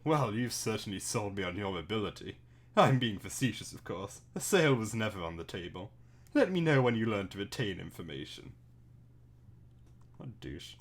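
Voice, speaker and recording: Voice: low voice, big pitch swings, brisk. A co-reader on a stream voicing a comic character in a fancy, posh, condescending voice. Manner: haughty, condescending delivery when reading the character. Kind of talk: casual read-aloud, posh put-on voice for one character.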